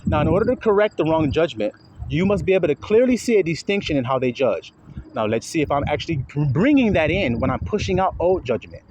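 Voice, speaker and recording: Animated preaching man, high lively voice. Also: fast, dull audio, slight background noise. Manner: confrontational, profane, fires rhetorical questions; talks while walking. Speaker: self-styled religious teacher. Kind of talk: street preaching monologue.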